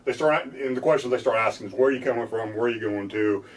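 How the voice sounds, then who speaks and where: A man's voice: medium pitch, fast talker, far from the mic, low-quality recording. A man, a lawyer from the United States, explaining legal rights to viewers in a plain-spoken way, sometimes acting out police questions. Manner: plain-spoken, acts out police lines with a laugh.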